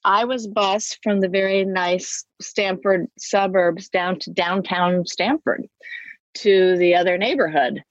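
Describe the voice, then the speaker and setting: A woman's voice: mid-range voice, fairly even intonation, takes it slowly, dry recording, lo-fi sound. A woman guest on a podcast, recording from a closet at home, telling her stories in an upbeat way. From Connecticut. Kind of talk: casual interview.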